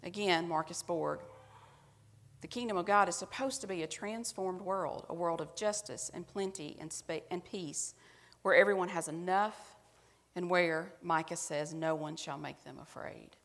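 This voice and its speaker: A woman's voice: fairly low pitch, a little slow, fairly bright tone, big-room sound. A woman pastor giving a sermon, speaking to the congregation in a conversational, self-mocking way.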